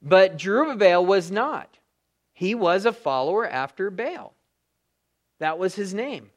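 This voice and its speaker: A man, a pastor, teaching verse by verse through a Bible passage in a conversational way, thinking aloud with fillers and restarts. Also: high voice.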